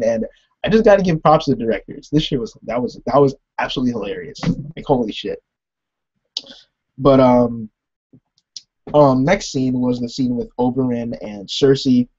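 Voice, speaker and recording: A young man recapping a TV episode in a rambling, animated way, laughing often and saying "like" a lot. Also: mid-range voice, breathy edge, dull audio. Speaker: TV episode reviewer. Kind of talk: casual recap and commentary.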